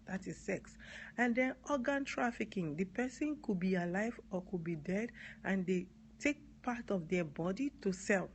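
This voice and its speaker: A woman's voice: mid-range voice, a little hiss or hum. A woman from Nigeria with a Nigerian accent, talking earnestly on a live stream, repeating key words and spelling some out. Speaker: advocate live-streaming to viewers. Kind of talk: live-stream talk answering comments.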